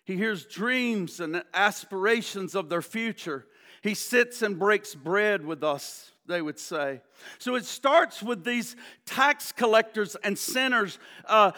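A man with a very high, bright and forceful voice delivers a sermon as a pastor. He climbs to loud, punchy repeated lists, then sinks into quiet, slow appeals, stumbling over and repeating words as he goes. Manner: builds to emphatic repeated lists, drops to soft slow appeals; repeats and restarts words when stirred.

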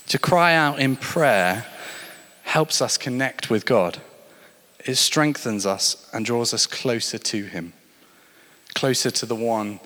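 A man's voice: lowish voice, fairly bright tone. Man preaching in a reverberant hall. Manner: storytelling, rising and falling with emphasis. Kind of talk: sermon.

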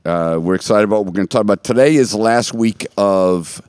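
A man with a somewhat low voice hosts a relaxed church talk, joking and rambling, then drifting into quiet asides. The sound is dry and close, with no room around it. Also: fairly quick, clear, resonant tone, dry recording. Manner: rambling, jokey, trailing off in soft asides. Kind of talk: casual chat.

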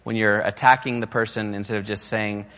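A man with a fairly low voice talks through a sermon on marriage, loose and conversational, with frequent restarts. His voice rings through a big hall with a long reverb tail. Now and then he lifts his pitch to mock a nagging spouse. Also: flat delivery, brisk, fairly bright tone. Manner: casual and conversational, with fillers and restarts; acts out quoted criticisms in a raised, mocking voice.

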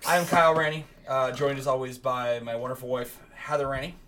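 Bright-voiced joking male podcast host. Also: medium pitch, steady tone, brisk. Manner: joking, playful, breaks into laughs. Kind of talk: casual podcast banter.

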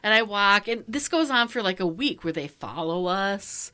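A woman's voice: medium pitch, lively intonation, normal speed, bright, forceful tone. A woman chatting casually and telling a story with lots of energy. She laughs often and acts out the voices in it. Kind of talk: casual chat.

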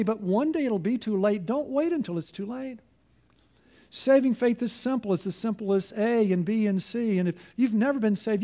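A man's voice: very high voice, mellow. A man preaching a sermon as pastor, earnest and persuasive, asking his listeners pointed questions.

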